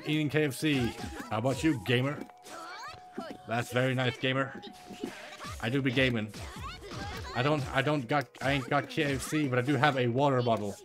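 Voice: mid-range voice, moderate pace, pauses often. A young adult streamer giving casual commentary during a match, joking, laughing at their own jokes and swearing freely. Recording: game music playing behind.

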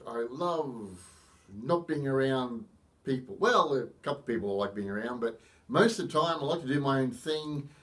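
A middle-aged Australian man talking casually to camera in a rambling, chatty way with self-mocking humour. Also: mid-range voice. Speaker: vlogger. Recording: voice a bit far from the mic.

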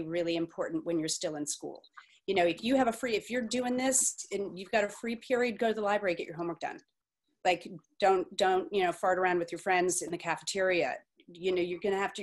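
A woman with a slightly low voice leads an online session. She reads questions aloud and gives frank, practical tips in a chatty, down-to-earth way. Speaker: moderator of the session. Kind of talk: casual advice and moderating.

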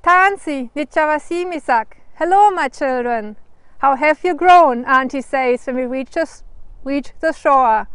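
A woman from Germany with a German accent, reading her picture book aloud in a gentle, careful way, trying out Cree words. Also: high voice, a little slow, dry recording. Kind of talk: storybook reading.

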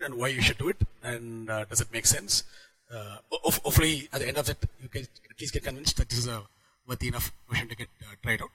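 A middle-aged man gives a tech conference talk through a sore, husky throat, often checking in with "right?" and restarting his sentences. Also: medium pitch, pushed and bright, no echo, rough recording. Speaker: startup founder giving a conference talk. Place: conference hall.

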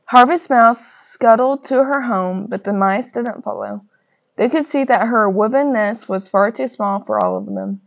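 Young woman, storybook reader, lively and gentle, muffled lo-fi sound. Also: a little high, measured pace. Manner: lively storybook reading with gentle character voices. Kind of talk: reading a picture book aloud. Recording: dull lo-fi recording.

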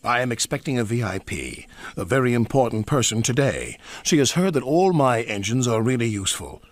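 A man voicing Sir Topham Hatt, a stern, formal railway boss who speaks slowly and commandingly. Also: mid-range voice, sing-song, no echo, natural voice.

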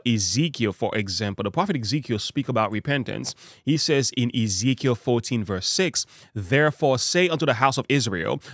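A man preaching a Bible study with a middle-pitched voice recorded dry and close, with no room sound. He reads scripture verses aloud and leans on key words in a measured way. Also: a bit bright, no echo.

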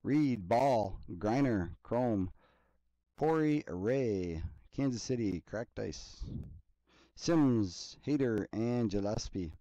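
A man hosting a card break, reading player names in a steady list between casual chatty asides. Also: on the low side, slow, no room sound, lo-fi sound. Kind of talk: casual running commentary while opening card packs.

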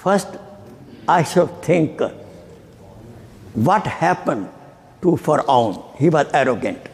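Animated preacher in a reverberant hall. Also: male voice, on the high side. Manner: emphatic, rhetorical questions to the audience. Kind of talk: Friday sermon. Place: mosque hall.

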